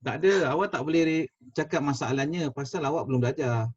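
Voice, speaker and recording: Husky Malaysian man teaching online. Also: fairly high pitch, fast. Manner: switches between Malay and English, repeats words, quizzes students. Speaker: Quranic Arabic teacher. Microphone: video call. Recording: dull lo-fi video call audio.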